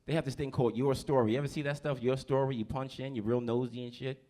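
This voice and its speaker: A man's voice: mid-range voice, steady tone, quick pace, darkish tone. A man in his thirties from New Jersey doing a stand-up set in a comedy club, brash and profane, working the crowd.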